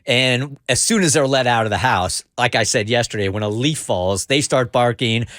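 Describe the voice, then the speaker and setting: Animated male radio host telling a story. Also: medium pitch, normal speed, no echo, clean studio sound. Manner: animated storyteller, playful, building suspense. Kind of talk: casual morning show storytelling. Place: radio studio. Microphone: studio mic.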